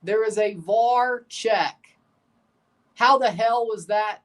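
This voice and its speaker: A man reacting live to a football match as a watchalong streamer, excitable and exasperated, often bursting into shouts. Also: sits high, slow pace, distant mic.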